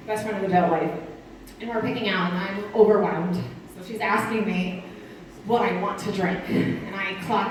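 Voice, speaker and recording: A woman in her thirties from Connecticut doing a rambling stand-up set with dark humor and lots of asides. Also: medium pitch, a little hiss or hum. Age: 30s. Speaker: stand-up comic. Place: small live performance venue. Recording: distant echoey room mic.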